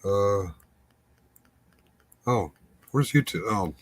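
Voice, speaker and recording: A man's voice: on the low side, lively intonation, extremely slow. A man hosting a casual livestream chat, talking in a wry, rambling way that keeps breaking off and restarting. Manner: rambling, self-interrupting, wry. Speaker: livestream host.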